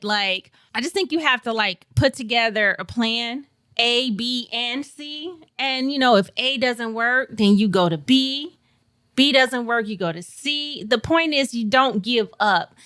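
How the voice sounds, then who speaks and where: Brief: woman from St. Louis, bright forceful voice, animated storyteller, dry close podcast mic. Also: on the high side, a little slow, no room sound. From St. Louis, Missouri. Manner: animated, laughs often, acts out quoted voices. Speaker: guest.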